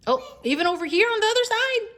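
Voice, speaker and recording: A woman's voice: extremely high pitch, sing-song, fast, fairly bright tone, slight background noise. A young mother encouraging her toddlers at the table at home, cheerful and sing-song, sometimes dropping to a whisper. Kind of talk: casual home video with children.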